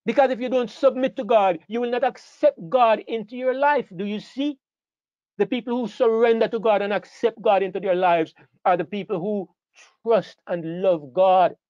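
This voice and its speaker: This sermon lecture comes from a man whose voice is high and somewhat dark. He repeats himself emphatically and answers his own questions. The audio is dry, dull and lo-fi, without echo.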